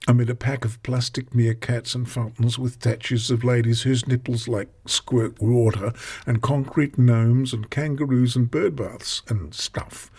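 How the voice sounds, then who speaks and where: A man's voice: mid-range voice, steady tone, a little slow, a little mellow, breathy edge. A man narrating a comic audiobook with chatty, offbeat asides.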